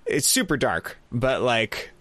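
A man's voice: medium pitch, very animated, takes it slowly, a bit bright, no room sound. A man co-hosting a casual music review chat, rambling with lots of fillers and frequent laughs. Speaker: podcast co-host.

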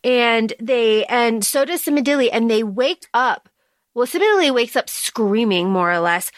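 A woman co-hosting a casual book-club podcast, with a fairly high voice and a dry, close sound. She retells scenes in a chatty, animated way, full of fillers and asides. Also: normal speed, no echo. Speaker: podcast co-host.

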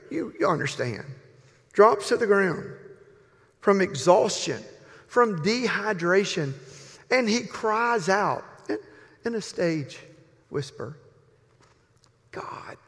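Gravelly older man preaching with jokes. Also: high voice, animated, a bit bright. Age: 60s. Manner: folksy, joking, drawn-out pauses. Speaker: pastor. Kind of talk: humorous storytelling sermon. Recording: reverberant hall.

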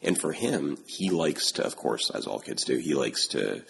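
A man with a very deep, heavily gravelly voice hosts a casual tech podcast. His pitch swings around as he rambles, full of fillers and restarts. The tone is husky rather than clean. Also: sing-song, normal speed, a bit bright. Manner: rambling, many fillers and restarts, laughs often. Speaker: podcast host.

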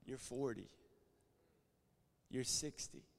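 A man preaching at a conference, animated, swinging from loud to hushed. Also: mid-range voice, takes it slowly, vocal fry. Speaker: conference speaker. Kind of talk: sermon. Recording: long hall reverb.

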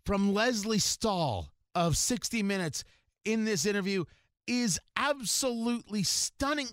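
A male talk show host in full opinionated-monologue mode, with a fairly high voice that swings up and down a lot. He restarts and repeats words as he pushes his points, and he sounds dry and close to the mic. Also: no room sound. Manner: animated, emphatic, with frequent restarts and repeated words.

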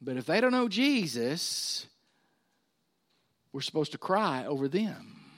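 A male pastor preaching a sermon, swinging between loud emphasis and hushed asides. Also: fairly high pitch, sing-song, takes it slowly.

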